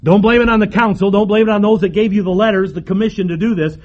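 A man preaching a sermon emphatically, with repeated phrases and dramatic pauses. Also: sits high, steady tone, lo-fi sound.

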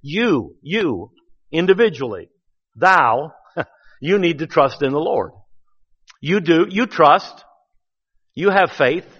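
Pastor preaching a sermon, man with a slightly high voice, folksy and emphatic, dull recording with long church reverb. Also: fairly bright tone.

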